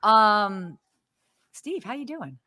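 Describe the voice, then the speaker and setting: A woman's voice: mid-range voice, expressive, drawn-out words, sharp tone, no echo. A woman co-hosting a live podcast from her apartment, chatty and exclamatory with lots of fillers. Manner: bubbly, exclamatory, many fillers. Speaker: podcast co-host. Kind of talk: casual live-stream chat. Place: home apartment.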